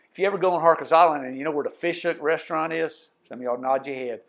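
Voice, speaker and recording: A man's voice: on the high side, fast talker, vocal fry. A man telling folksy tall tales to a live audience, speaking to them directly as co-host. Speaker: storyteller co-host. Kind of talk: live storytelling before an audience. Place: museum parlor talk.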